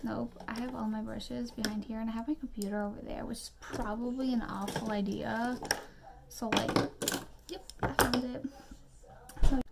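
A woman's voice: fairly high pitch, steady tone, creaky, very noisy. Chatty young woman ranting while doing makeup. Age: young adult. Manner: chatty, rambling, quick asides and mock-outraged rants. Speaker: beauty vlogger. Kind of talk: chatty makeup tutorial rant.

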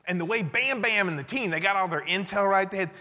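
Man giving a storytelling lecture, bright and kinda high, acts out both sides, hall echo. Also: fast talker. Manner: animated, acts out dialogue. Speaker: guest speaker, former army interrogator.

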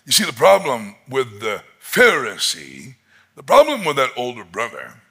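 A man preaching a sermon as pastor, expressive and emphatic, rising to loud peaks. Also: mid-range voice, a little slow, creaky, husky.

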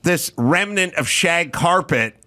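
A man's voice: fairly high pitch, lively intonation, slow pace, pushed and bright. A man hosting a podcast, telling a comic story in a profane, ranting way. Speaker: podcast host. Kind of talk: comedic storytelling chat.

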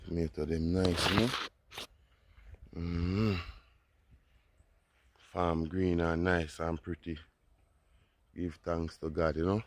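A man's voice: deep voice, fairly even intonation, slow pace, pauses often, slight background noise. A man with a Jamaican accent, a farmer talking casually while he walks through his farm, often saying "you know, people.". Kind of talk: casual walk-and-talk farm vlog. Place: outdoors on a farm.

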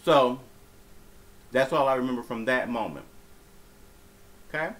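A man's voice: medium pitch, measured pace, a bit bright, rough recording. A man telling a personal story in a casual vlog, rambling and profane, with many fillers and restarts.

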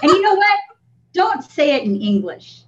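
Woman co-host, casual chatter, somewhat high voice, muffled stream sound. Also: sing-song, moderate pace, slight background noise. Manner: chatty, laughs often, reads chat aloud. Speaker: co-host of a vaping livestream. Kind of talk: casual chat. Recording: dull lo-fi stream audio.

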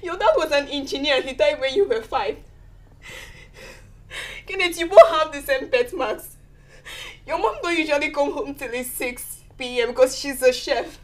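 A woman's voice: high voice, moderate pace, natural voice. A woman playing a sobbing, pleading daughter. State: crying. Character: tearful young daughter begging her father.

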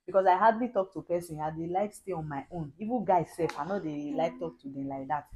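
Animated Nigerian woman telling a story. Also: fairly low pitch, a little fast, crowd noise, rough recording. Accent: Nigerian Pidgin. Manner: lively, animated storyteller who laughs often. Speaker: wife telling how the couple met. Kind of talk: casual storytelling. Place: at home.

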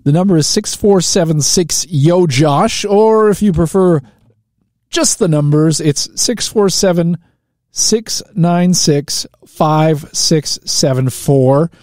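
A man's voice: fairly high pitch, slow pace, darkish tone, no echo, clean studio sound. A man hosting a live talk radio show, chatting casually and joking, with lots of fillers and restarts. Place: radio studio.

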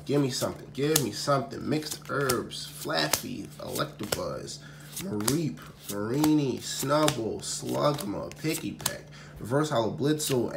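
A man chatting casually to his camera, sighing and repeating himself as exasperation builds. His voice sits at an ordinary middle pitch. Loud crinkling of packaging runs beneath his talk. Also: creaky. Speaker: card-opening video host. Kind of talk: casual unscripted chat to camera. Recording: crinkling packaging noise throughout.

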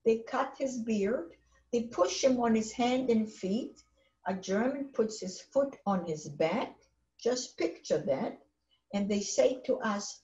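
A woman, giving her personal testimony in halting, emphatic phrases that often repeat. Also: on the high side, animated, mellow. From Poland. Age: 80s. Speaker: Holocaust survivor speaker. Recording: roomy, slightly dull recording.

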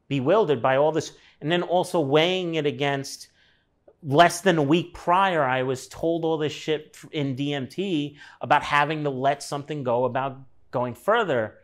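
A man in his thirties telling a personal story in a loose, rambling way, with lots of fillers and swearing. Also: fairly high pitch. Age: 30s. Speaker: artist guest. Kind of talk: casual storytelling conversation.

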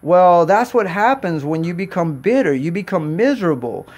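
A man's voice: sits high, expressive, normal speed. A man preaching a sermon in an earnest, exhorting way, repeating phrases and restarting sentences as he goes.

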